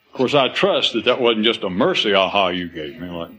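A man's voice: fairly low pitch, expressive, a little fast, rough recording. A man speaking to a live audience in a rambling, philosophical way, acting out quoted voices and laughing as he goes.

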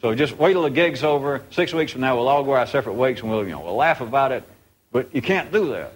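A man's voice: mid-range voice, lively intonation, quick pace, slightly rough, poor audio. A man voicing a weary male bandleader who earnestly warns his musicians. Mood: pleading.

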